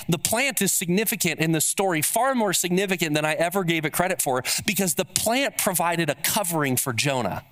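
A man's voice: expressive, fairly quick, a bit bright. A man preaching a sermon as pastor, stressing points with repeated rhetorical questions and acting out the words of those he quotes. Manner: acts out quoted speech with shifting pitch.

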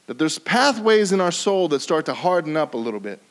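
A man preaching a sermon, with sudden rises in pitch and volume and drops to a quiet, low voice for emphasis. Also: big pitch swings, a little fast. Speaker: pastor.

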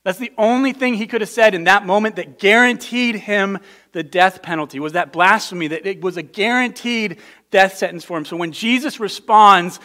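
Male pastor, high voice, earnest conversational sermon, repeats words. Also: normal speed, sharp tone. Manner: earnest, emphatic, often repeats words when restarting.

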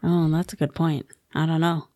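A woman's voice: low-pitched, little pitch movement, moderate pace, warm tone, no room sound, studio quality. A woman co-hosting a podcast, chatting casually about a book and acting out its dialogue with a giggle. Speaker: podcast co-host. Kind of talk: casual book-club chat.

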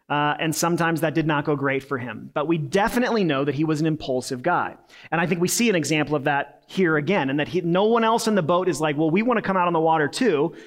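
A male pastor gives a Sunday sermon, talking to the congregation in an earnest, relaxed, conversational way. His voice sits a little high for a man, and he drops in casual fillers and restarts as he goes.

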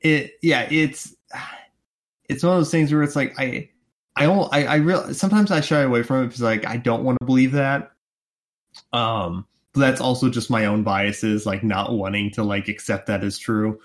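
A man's voice: mid-range voice, fairly even intonation, moderate pace. A man co-hosting a podcast, speaking hesitantly in casual chat with many "like" and "um" fillers. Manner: hesitant, heavy filler words, lots of "like". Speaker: podcast co-host.

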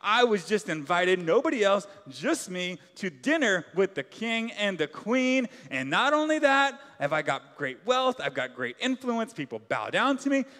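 A man's voice: sits high, big pitch swings, measured pace, few pauses, pushed and bright, long reverb tail, full character voice. A man acting out a boastful, gloating male royal official who shows off his rank and wealth. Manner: bouncy, showing off.

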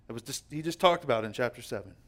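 A young man preaching a sermon as pastor, emphatic and slowing down to stress key words. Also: medium pitch, expressive, a bit bright.

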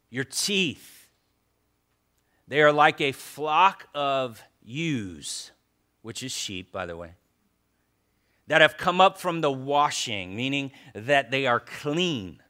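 Male pastor, high and bright voice, conversational sermon delivery with repeated emphatic phrases.

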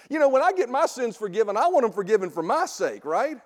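A man teaching a sermon in a conversational way, often checking in with a quick "right?". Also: very high-pitched, big pitch swings. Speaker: preacher teaching a Bible series. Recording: long hall reverb.

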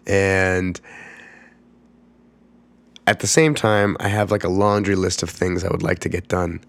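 A man's voice: low-pitched, steady tone, unhurried, dry recording. A young man rambling casually through a solo podcast, congested and coughing as he gets over a cold. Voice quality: rough, congested voice. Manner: rambling, many fillers and restarts. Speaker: podcast host.

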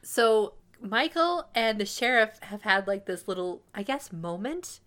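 A woman talks through a TV episode with her co-host in a loose, conversational way. She fills her sentences with small asides and fillers. Her voice sits at an ordinary middle pitch. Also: lively intonation, unhurried, fairly bright tone. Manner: chatty, with frequent fillers and asides. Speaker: podcast co-host. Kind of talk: casual TV recap chat.

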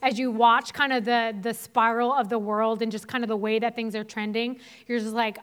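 Young woman preacher, smooth and clear, a bit high, chatty church talk. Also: flat delivery, normal speed, few pauses. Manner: casual conversational preaching with many fillers. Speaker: pastor's wife preaching. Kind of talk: sermon.

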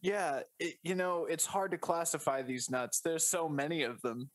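A man improvising comedy bits in casual podcast banter, spinning absurd stories with deadpan wordplay. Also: on the high side, normal speed, dry recording.

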